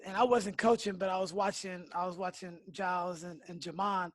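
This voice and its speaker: A man hosting a podcast, chatting casually and telling a story in a relaxed, drawn-out way. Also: high-pitched, dry recording. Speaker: podcast host. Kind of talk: casual interview chat.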